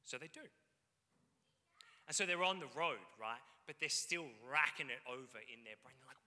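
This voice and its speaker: A man preaching a sermon, telling the story in an animated way with frequent asides to the congregation. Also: a little high, moderate pace. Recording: long reverb in a hall.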